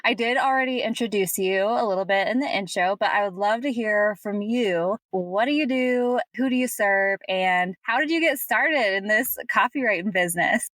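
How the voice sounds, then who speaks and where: A woman's voice: medium pitch, normal speed, few pauses, a bit bright, no echo. A young adult woman hosting a podcast interview, chatty and upbeat in tone. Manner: chatty, upbeat, laughs often. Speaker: podcast host.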